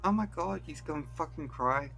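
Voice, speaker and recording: A man's voice: on the high side, fairly quick, creaky, bright, forceful tone, soft background music, pitched above the performer's own voice. Kuno: man doing a jeering foul-mouthed boy. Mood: taunting. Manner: jeering, crude insults. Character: foul-mouthed taunting young boy, cruel.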